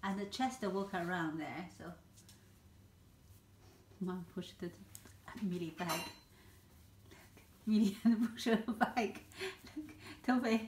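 A woman's voice: medium pitch, darkish tone, roomy sound. A woman filming her puppies at home, coaxing and chatting to them in a sing-song way with frequent laughter. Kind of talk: casual home video chat, talking to puppies. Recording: home video with clear background noise.

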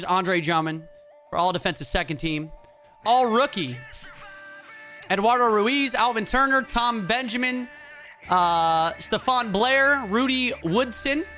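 A man giving casual, excitable let's play commentary, swearing freely and talking to his viewers. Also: very high voice. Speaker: gaming channel host.

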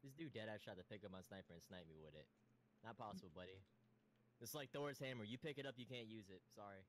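A man chatting with friends during an online match, excitable and full of swearing banter. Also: fairly low pitch, quick pace, a little hiss or hum. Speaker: gaming friend. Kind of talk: casual party chat while gaming.

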